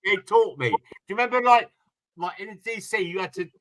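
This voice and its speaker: A man's voice: high-pitched, lively intonation, fairly quick, a crowd in the background, poor audio. A man who cuts in with sweary banter.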